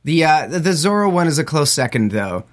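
Man, actor guest, casual interview, relaxed storytelling. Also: fairly high pitch, fairly quick.

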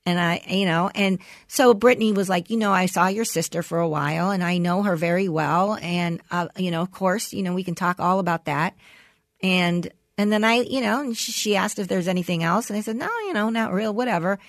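A woman's voice: on the low side, fairly even intonation, a little fast, no room sound, studio quality. A middle-aged woman co-hosting a podcast, telling a long story with plenty of fillers and acted-out quotes. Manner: rambling storyteller, many "you know" fillers, acts out quotes. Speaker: podcast co-host. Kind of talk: casual chat.

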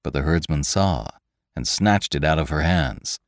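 Rich, dark male voice reading a classic tale aloud, with wide, lively swings of pitch. He tells it at a measured, deliberate pace. The sound is close and dry. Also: dry recording. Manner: expressive, measured storytelling. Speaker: podcast narrator. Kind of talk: scripted narration of a classic tale.

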